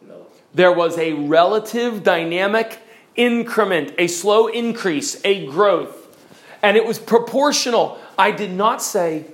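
A man with a high voice teaches a class on preaching. He is middle-aged and speaks demonstratively, acting out examples as he goes. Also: slow pace. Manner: demonstrative, mimics examples, varies loudness for effect. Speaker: preaching instructor. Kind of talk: lecture on preaching delivery.

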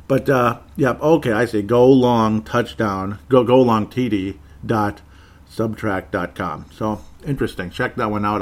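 Male sports podcast host, loose and rambling, reads listener comments, trips over names and laughs it off. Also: fairly low pitch. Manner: rambling, self-correcting, laughs often. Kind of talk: casual live chat reading listener comments.

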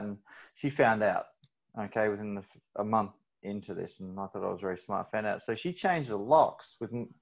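Male host, halting and candid, slightly muffled recording. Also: lowish voice. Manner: halting, with many fillers. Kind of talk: candid personal story. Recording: slightly dull audio.

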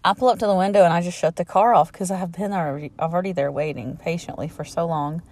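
Middle-aged woman, podcast host, exasperated casual storytelling, slightly low pitch, dry close recording. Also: fairly even intonation, fast, darkish tone, no echo. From Southern United States. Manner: chatty and exasperated, laughs between remarks.

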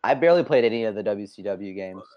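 A man's voice: fairly low pitch, expressive, fast, lo-fi sound, soft background music. A man chatting on a podcast in a laid-back, joking way. He keeps things light and casual. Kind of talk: casual chat.

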